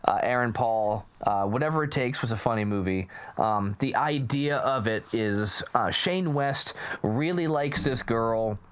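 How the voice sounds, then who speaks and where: A man in casual chat about comedy movies, animated, acting out quotes and laughing often. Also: medium pitch, measured pace, clear, resonant tone.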